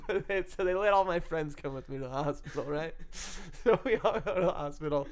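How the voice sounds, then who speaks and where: A man's voice: on the high side, a little fast. A man telling a story about his own life in a casual, rambling way, swearing freely and laughing often between phrases. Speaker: storyteller recounting his addiction. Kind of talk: casual first-person storytelling.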